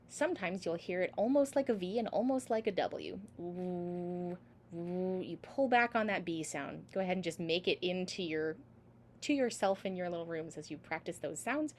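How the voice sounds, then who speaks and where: A woman's voice: fairly low pitch, a little mellow, slight background noise. A woman teaching a singing class over a video call, patiently sounding out each syllable for her students. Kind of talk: online class instruction.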